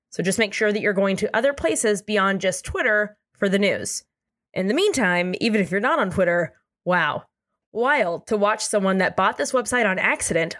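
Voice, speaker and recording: A young adult woman hosting comedic news commentary, sarcastic and exasperated, with animated asides. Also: medium pitch.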